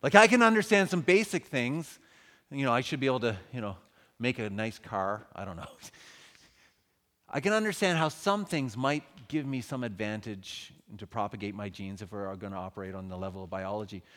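A man giving a humorous, conversational talk on faith at a church event, animated and joking with the audience. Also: medium pitch, moderate pace. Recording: reverberant hall.

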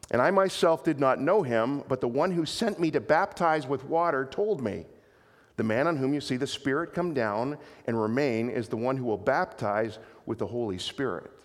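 A male pastor delivers a sermon in an earnest, animated way, repeating words as he restarts his phrases. His voice sits fairly high. Long reverb from the hall trails each phrase.

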